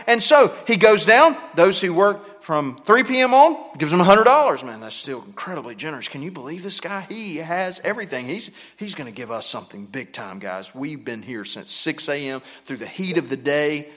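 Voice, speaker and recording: A male pastor preaching a sermon in a church, moving between hushed, low passages and loud, emphatic pushes. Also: very animated, normal speed, few pauses. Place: church sanctuary. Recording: long hall reverb.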